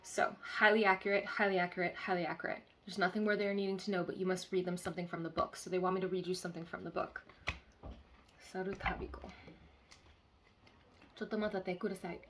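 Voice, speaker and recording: A woman's voice: fairly low pitch, flat delivery, fast talker, a bit bright, a little hiss or hum. A woman giving a live-streamed channeled card reading as a spiritual healer, earnestly repeating key phrases and checking in with listeners.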